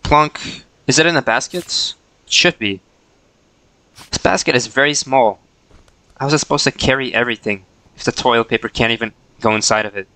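A man's voice: mid-range voice, normal speed, sharp tone, slight background noise, poor audio. A man casually commenting on his own gameplay on a livestream, joking and talking back to the characters. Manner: playful, jokey, talks to the characters. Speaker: streamer.

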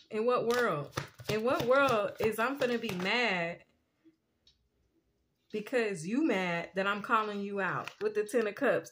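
A woman giving a casual spiritual tarot reading, chatty and quick to laugh, often asking "you know what I'm saying". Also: mid-range voice, a bit bright. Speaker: tarot reader.

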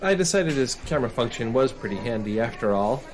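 A man's voice: mid-range voice, expressive, brisk. A man hosting a scripted comedy sketch about model cars, talking in a theatrical, preachy big-brother manner. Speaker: host.

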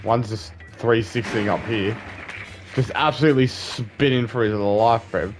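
A young man hosting a gaming session, loud and excitable, hyping his teammates with slang and swearing. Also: on the low side, measured pace. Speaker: gaming channel host. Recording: voice with game music behind.

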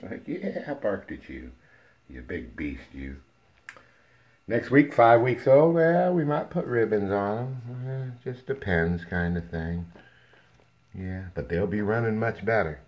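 Low-voiced man cooing at puppies. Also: animated, a little slow, darkish tone. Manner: coos playfully at puppies, sometimes whispering. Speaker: dog breeder. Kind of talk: casual home video talking to puppies. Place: indoor room at home.

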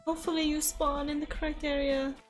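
A chatty young American woman talking over her game on a live stream, her voice sitting a little high. She thinks aloud, gasps and laughs often, close to a desk mic with faint music behind. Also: little pitch movement, fairly quick. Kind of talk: casual live-stream chat while gaming. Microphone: desk microphone.

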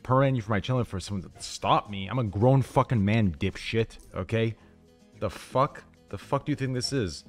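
Brief: male streamer in his thirties, lowish voice, swears constantly and rants hard, faint music underneath. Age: 30s. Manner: profane, combative ranting. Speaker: livestreamer. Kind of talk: heated livestream rant.

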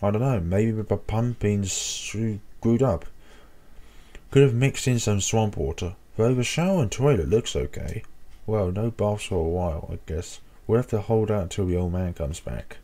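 A man's voice: lowish voice, animated, normal speed, mellow. A young man playing a horror game, reading the dialogue aloud and adding sarcastic, joking asides. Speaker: let's play gamer.

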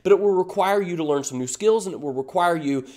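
A man's voice: sits high, expressive, fast talker, warm tone. A man giving a fired-up, emphatic motivational talk to camera as an online business coach, full of rhetorical questions.

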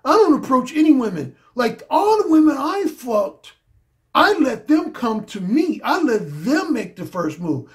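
A man's voice: very high voice, sing-song, unhurried, voice pushed up, heavily acted. A man voicing a boastful guy who never approaches women, talking in a smug, bragging way.

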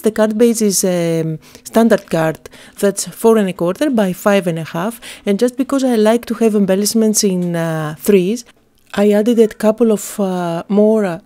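A woman narrating a step-by-step card-making tutorial, calm and explanatory, with frequent "uh" fillers. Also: medium pitch.

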